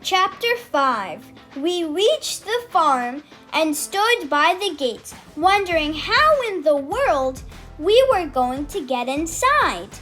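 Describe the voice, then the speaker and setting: A woman narrating a children's storybook in an animated, playful manner. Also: sits high, slow pace, soft background music. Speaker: audiobook narrator.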